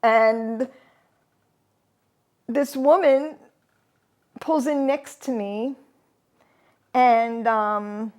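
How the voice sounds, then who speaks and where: Middle-aged woman interviewee, slightly high voice, unhurried and halting, laughs through her story. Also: darkish tone. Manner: halting, often laughs mid-sentence. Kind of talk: candid personal storytelling.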